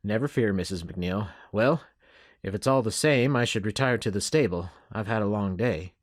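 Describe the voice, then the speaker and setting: A man's voice: lowish voice, moderate pace, dry recording, lightly acted. A man playing a polite, plain-spoken wandering cowboy, close to his own voice. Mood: easygoing.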